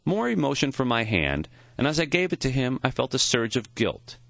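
A man narrating an audiobook in a measured, expressive reading, recorded on a close studio mic. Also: mid-range voice, creaky, dry recording. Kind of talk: scripted narration.

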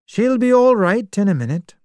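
Reassuring male doctor, calm, brisk, read by a storyteller. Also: medium pitch, no room sound, studio quality, pitched above the performer's own voice, close to an everyday voice.

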